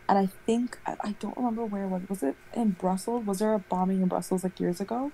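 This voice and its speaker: Mellow-voiced woman telling stories. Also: mid-range voice, fast talker, hardly any pauses, low-quality recording. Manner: rambling, animated storytelling full of "like". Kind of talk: casual chat.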